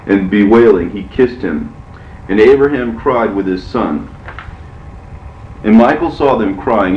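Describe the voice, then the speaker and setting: A man narrating an ancient religious text in a measured, solemn way, heard from far off in an echoey space. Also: on the low side, lo-fi sound, slight background noise. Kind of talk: scripture reading.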